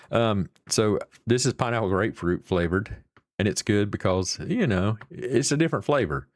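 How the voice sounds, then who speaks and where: A man's voice: fairly low pitch, vocal fry, no room sound, studio quality. A man with an Appalachian accent hosting a live stream and chatting casually with viewers in a folksy, rambling, salty way. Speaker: livestream host.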